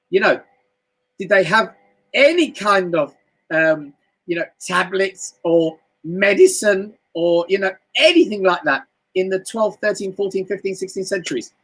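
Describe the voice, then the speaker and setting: British guy doing a motivational live stream, bit husky, highish voice, chatty and animated. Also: poor audio. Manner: animated, chatty, swoops up into high exclamations. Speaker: motivational speaker. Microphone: home live stream mic.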